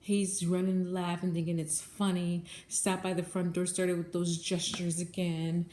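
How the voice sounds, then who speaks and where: A woman's voice: fairly low pitch, level tone, measured pace, mellow. A woman who manages a bagel shop, telling a story to her viewers in a casual vlog, earnest and repetitive, often calling them guys. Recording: echoey room, faint background noise.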